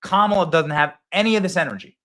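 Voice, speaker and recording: A man's voice: high voice, fast, pushed and bright. Hyped man hosting a political show. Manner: hyped, rallying, talks straight to viewers. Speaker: show host.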